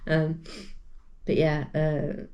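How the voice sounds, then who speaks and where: Chatty, slightly croaky woman. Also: low voice, monotone, drawn-out words, lo-fi sound. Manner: chatty and rambling, with many fillers. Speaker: crochet vlogger. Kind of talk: casual vlog chat.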